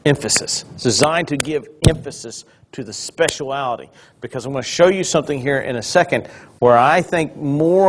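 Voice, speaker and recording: A pastor leads a Bible class in an easy, conversational manner. He explains a point, then turns to the room with questions, his voice sitting at an ordinary middle pitch. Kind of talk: conversational Bible study teaching.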